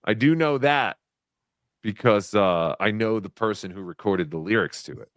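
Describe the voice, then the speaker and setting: A man's voice: on the low side, expressive, moderate pace, fairly bright tone, no room sound, clean studio sound. Loose, swearing male livestream host. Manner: loose, laughing, swears casually. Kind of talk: casual livestream chat.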